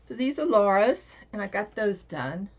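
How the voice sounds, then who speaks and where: A woman's voice: medium pitch, big pitch swings, moderate pace, darkish tone, breathy edge. A woman, possibly older, chatting casually on her crafting vlog, rambling with lots of fillers and restarts. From Florida. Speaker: crafting vlogger. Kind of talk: casual chat. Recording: dull lo-fi home recording.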